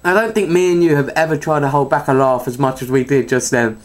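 A young man co-hosting a podcast tells stories in casual chat, eating as he talks and acting out the people he quotes in high voices. His tone stays steady and he speaks quickly.

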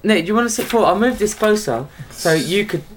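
A man's voice: high voice, lively intonation, quick pace, slight background noise, poor audio. Young man, podcast co-host, chatty and teasing, laughs easily. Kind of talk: casual chat.

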